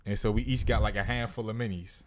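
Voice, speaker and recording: A man's voice: lowish voice, steady tone, fast talker. A young man co-hosting a podcast, talking in a laid-back, slangy storytelling way. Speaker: podcast co-host. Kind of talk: casual storytelling chat.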